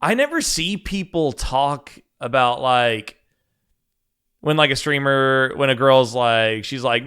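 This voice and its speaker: A man's voice: medium pitch, animated, unhurried, sharp tone, clean tone. A man hosting a podcast in casual chat, rambling with many fillers and frequent laughs. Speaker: podcast host.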